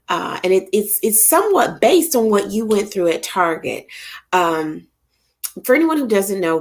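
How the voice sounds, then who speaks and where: A middle-aged woman, hosting a casual live stream and chatting with viewers by name. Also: medium pitch. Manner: lively, chatty, greets viewers by name, Southern church expressions. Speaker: livestream host.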